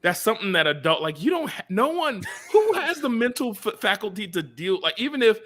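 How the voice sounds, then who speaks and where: A young man hosting a casual chat, telling stories in an animated way, laughing and swearing often. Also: high-pitched, brisk. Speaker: podcast host.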